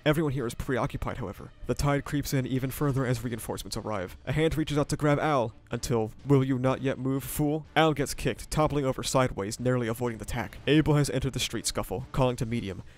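A man narrating a scripted story summary and analysis in a steady retelling voice. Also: medium pitch, quick pace, few pauses. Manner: steady retelling with brief commentary.

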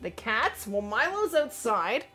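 A woman's voice: fairly high pitch, big pitch swings, takes it slowly, bright, forceful tone, soft background music. A woman chatting casually with her viewers while streaming a game from home, talking to her cat and laughing easily. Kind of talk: casual live-stream chat over gameplay.

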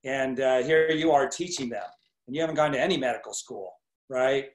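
A man's voice: mid-range voice, fairly quick. Enthusiastic man hosting a video call. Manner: enthusiastic, encouraging. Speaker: host of a business training call. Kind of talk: motivational business coaching. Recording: echoey room over video call.

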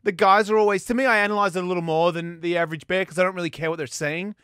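A man's voice: high voice, fairly even intonation, very fast, a bit bright, clear, resonant tone, dry recording, clean studio sound. A man hosting a radio show, talking in crude, rambling banter with lots of stammering restarts. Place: radio studio. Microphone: studio microphone.

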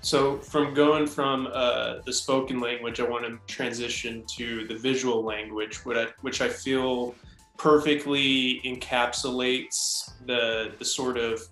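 A man's voice: mid-range voice, flat delivery, measured pace, fairly bright tone, echoey room, soft background music. A man interviewing filmmakers, asking long questions hesitantly with many fillers.

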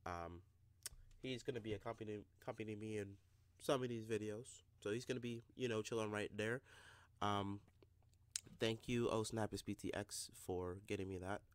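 A man's voice: fairly low pitch, normal speed, clean tone, dry recording. A young man in his twenties hosting a reaction video, chatting casually with filler ums and playful jokes. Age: 20s. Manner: relaxed and rambling, with filler ums and playful joking. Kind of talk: casual chat to camera.

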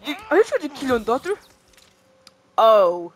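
A woman giving casual commentary on her own gameplay, reacting out loud, pleading with and taunting the enemy, and swearing now and then. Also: high voice, big pitch swings, rapid-fire, a little hiss or hum. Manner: reactive, pleading and groaning at the game. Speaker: gamer streaming a playthrough.

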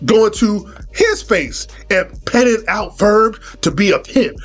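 A man's voice: sits high, lively intonation, slow pace, faint music behind. A man telling a comedic story in a profane, rambling way, full of restarts and quoted dialogue.

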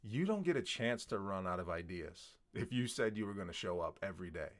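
Guy with a lowish voice giving a pep talk, lots of what-ifs. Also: expressive, fairly quick. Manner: earnest, motivational, asks rhetorical questions. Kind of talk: casual conversation.

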